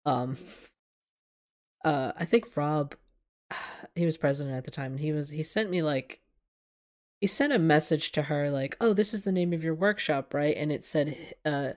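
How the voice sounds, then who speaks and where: A podcast co-host telling a story in casual chat, hesitant, with many pauses and filler words. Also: medium pitch. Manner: hesitant, lots of ums, laughs easily.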